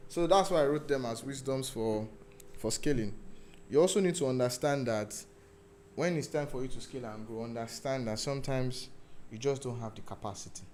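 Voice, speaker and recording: A man giving a lively talk on stage. He acts out phone calls with sudden loud outbursts and keeps asking his listeners if they understand. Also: medium pitch, brisk, a little hiss or hum. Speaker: speaker.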